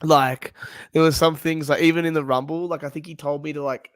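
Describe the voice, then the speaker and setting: A man's voice: on the high side, fairly even intonation, a little fast, smooth, no echo, clean studio sound. A man guesting on a podcast, trading blunt, profane banter. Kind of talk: casual chat.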